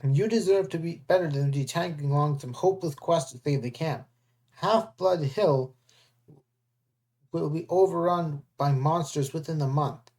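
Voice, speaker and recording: A reader voicing a smooth, scheming young man who mocks and persuades in a storybook read-aloud. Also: medium pitch, normal speed, darkish tone, close to an everyday voice. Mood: persuasive. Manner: smooth, mocking.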